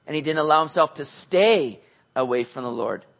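High-voiced casual preacher man. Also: moderate pace, gravelly. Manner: casual, animated, slangy, swings loud and soft. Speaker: pastor. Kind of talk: sermon.

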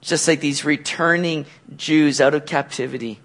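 A man preaching a sermon as pastor, animated, acting out quotes with loud, excited outbursts. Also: fairly high pitch, normal speed.

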